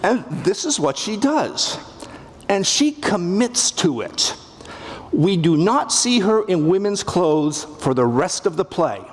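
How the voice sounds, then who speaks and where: A middle-aged Canadian-accented man with a high-sitting, very animated voice speaks slowly, with a little hiss or hum in the audio. He's a literature professor giving a wry, funny public lecture to a live audience on a theatre stage, acting out quotes as he goes. The big hall adds long reverb and faint ambience.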